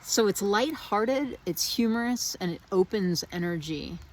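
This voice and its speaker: A woman's voice: medium pitch, expressive, a little slow, darkish tone, slight background noise. A woman vlogging outdoors in the rain, musing in a meandering, reflective way with many restarts. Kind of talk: casual spiritual reflection.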